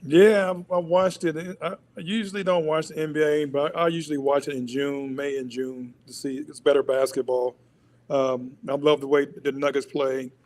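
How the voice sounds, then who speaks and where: A man's voice: fairly high pitch, fairly even intonation, moderate pace, darkish tone. A man, a basketball coach, chatting easily as a guest on a sports talk show. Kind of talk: casual chat.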